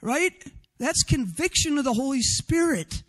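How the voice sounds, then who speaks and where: A male preacher with a strikingly high voice delivers an expressive sermon. He swells to loud, fervent passages and keeps checking in with his listeners by asking "right?". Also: unhurried. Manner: rhetorical "right?" asides.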